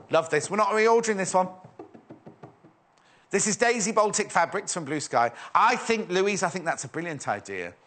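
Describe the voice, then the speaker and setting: Guy hosting a shopping show, chats away, bright voice, pitch all over the place. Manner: chatty, rambling, jokey, reads viewer messages aloud. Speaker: TV shopping presenter. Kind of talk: live shopping channel chat.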